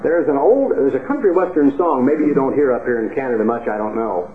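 A man's voice: medium pitch, animated, fairly quick. Emphatic preacher man, tinny echoey hall. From United States. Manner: emphatic, rhetorical questions. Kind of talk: sermon. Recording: tinny echoey hall recording, faint hiss.

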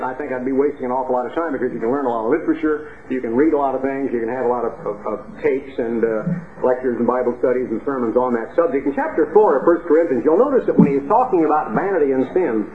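A man from the United States preaching a sermon with emphatic rhetorical questions. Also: mid-range voice. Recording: tinny echoey hall recording, faint hiss.

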